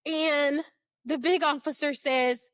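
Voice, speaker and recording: A woman's voice: high-pitched, steady tone, takes it slowly, a bit bright, no room sound, clean studio sound. A young woman in her twenties earnestly retelling a frightening personal experience, casual and emotional, with frequent filler words. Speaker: storyteller. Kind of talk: personal storytelling.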